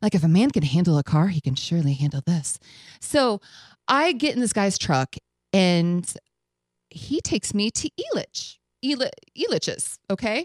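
Eine Frau, Moderatorin einer Radiosendung, die locker und lebhaft eine persönliche Geschichte erzählt und Zitate mit Lachen nachspielt. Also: female voice, medium pitch, normal speed, no echo. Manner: animated, acts out quotes with laughs. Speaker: radio show host. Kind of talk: casual storytelling chat.

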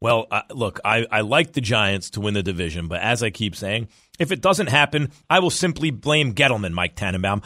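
A man hosting a sports radio show, talking football in a jokey, animated way. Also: no room sound, studio quality. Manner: animated, jokey, rapid swings in pitch.

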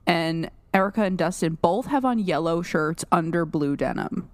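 A woman's voice: on the low side, lively intonation, moderate pace, no echo. A woman co-hosting a podcast in casual chat, chatty and giggly with lots of filler words. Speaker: podcast co-host.

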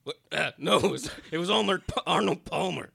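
A man's voice: fairly high pitch, fairly quick, gravelly, bright, forceful tone, breathy edge, dry recording, clean studio sound, heavily acted. A man playing the Devil as a petty, mocking host of rigged games in an improvised comedy podcast. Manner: teasing, smug, cheats and mocks. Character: the male Devil, mocking, petty, gleefully unfair game host. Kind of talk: improvised comedy role-play.

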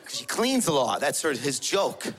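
A man performing stand-up comedy, telling crude family stories in an animated way. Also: medium pitch, moderate pace.

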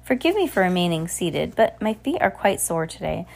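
A woman reading aloud and voicing a genial older male island leader who speaks cordially with gentle authority. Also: lowish voice, big pitch swings, normal speed, exaggerated voice. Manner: cordial, smooth, gently commanding.

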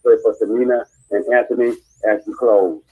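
A man hosting and closing a church prayer call, speaking in a slow, measured pastoral manner. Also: lowish voice, steady tone, slightly rough, phone-quality sound. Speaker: host and minister.

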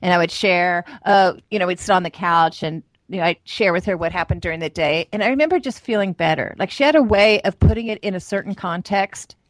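A woman's voice: lowish voice, fairly quick, hardly any pauses, no room sound. A woman co-hosting a casual spiritual talk show, reflective and chatty, with many "like" and "you know" fillers. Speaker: podcast co-host.

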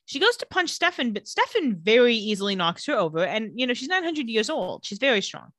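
Woman recapping a tv episode for a podcast, bright tone, voice jumps all over, dry close mic. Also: on the high side, fairly quick, no room sound. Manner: animated storytelling, laughs often. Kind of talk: casual recap chat.

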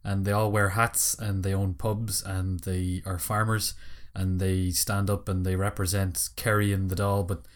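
A man's voice: low voice, flat delivery. A man from Ireland co-hosting a podcast, chatting casually and laughing often at his own jokes. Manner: laughs often, quick to joke. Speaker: podcast co-host. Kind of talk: casual chat.

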